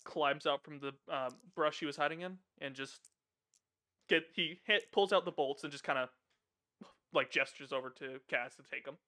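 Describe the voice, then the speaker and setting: A man's voice: fairly high pitch, normal speed, pushed and bright. A man playing in a tabletop role-playing game, casually narrating what his character does and swearing freely. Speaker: player.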